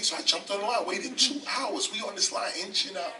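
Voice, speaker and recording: A man's voice: high-pitched, a little fast, pushed and bright. An older man telling his life story in an interview, emphatic and repeating phrases, often asking "okay?". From South Bronx, New York. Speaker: interview guest, rapper and teacher. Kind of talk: animated storytelling. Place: library, indoors. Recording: distant mic, faint background noise.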